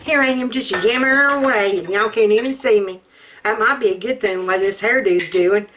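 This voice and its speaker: With a medium-pitched, slightly bright voice, a middle-aged woman talks fairly quickly while demonstrating a recipe in her home kitchen. Her chat is folksy and rambling, and a little hiss or hum can be heard.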